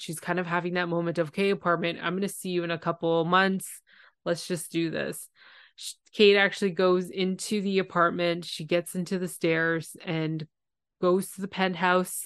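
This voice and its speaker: Recapping a TV episode on her podcast, this woman chats casually and with feeling, performing quotes as she retells the scenes. She has a lowish voice with a fairly bright tone, captured dry in a clean studio.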